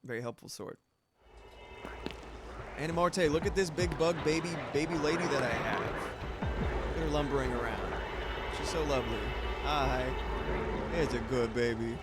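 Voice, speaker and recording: A man's voice: on the high side, moderate pace, pauses often. A man streaming a video game, chatting casually in a loose, rambling way and swearing freely. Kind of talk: casual chat while gaming.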